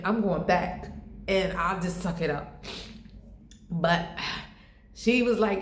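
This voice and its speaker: A woman from the United States pours out a personal story straight to her viewers, heartfelt and near tears, then turns to encouraging them. Her voice sits a little low, and the room around her rings with echo. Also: a little slow, pauses often. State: close to tears. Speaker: vlogger. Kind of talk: emotional personal vlog.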